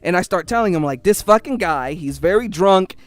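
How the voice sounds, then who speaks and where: A man's voice: high-pitched, brisk. A young man telling a personal story in a casual, heated and profane way. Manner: heated, profane, animated retelling.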